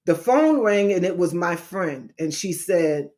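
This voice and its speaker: A woman's voice: on the low side, animated, measured pace, a little mellow. A middle-aged woman evangelist in a casual livestream talk, speaking in an emphatic, repetitive, preacher-like way.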